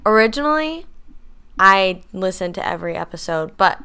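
A woman's voice: mid-range voice, expressive, moderate pace, pushed and bright, smooth. A young woman guest on a podcast, chatting casually and poking fun at herself. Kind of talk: casual chat.

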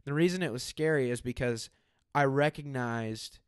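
Young man, mid-pitched and emphatic, telling a story in casual conversation, dry close recording. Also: normal speed, clean tone, no echo. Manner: casual and emphatic, with many "like" fillers.

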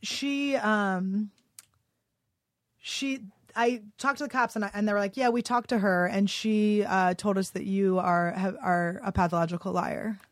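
A woman's voice: mid-range voice, steady tone, a little slow, no echo, studio quality. A young woman, a comedian guest in a casual podcast chat, telling a heated story with lots of swearing and "like". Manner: heated, profane storytelling full of "like".

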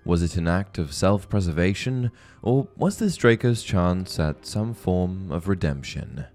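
A man hosting a book-theory channel, giving scripted narration and reading with clear, measured storytelling and expressive emphasis. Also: sits low.

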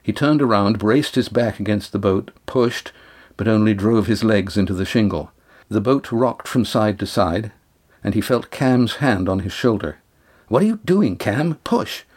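A man narrating an audiobook chapter in a steady, measured way. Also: lowish voice.

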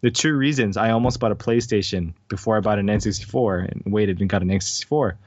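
A man's voice: on the low side, fast, no room sound. A man hosting a podcast in casual chat, joking around and laughing often. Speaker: podcast host. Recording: dull, dry recording.

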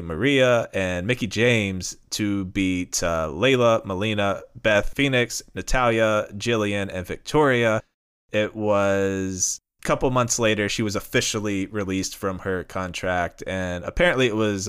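A male podcast host who recounts events in a relaxed, chatty way with many fillers. His voice is fairly low. It sounds smooth and clear. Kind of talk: casual narration of a story.

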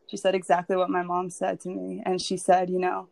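A woman's voice: lowish voice, completely flat delivery, a little fast, vocal fry, darkish tone, no room sound. A woman sharing her personal story as a podcast guest, candid and emotional, with lots of "like" and "um.". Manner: candid and emotional, heavy with "like" and "um" fillers.

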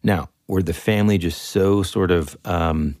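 A man's voice: sits low, measured pace, darkish tone, dry recording, clean studio sound. A man co-hosting a podcast, chatting casually and animatedly about a true-crime story, rambling and joking. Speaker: podcast co-host.

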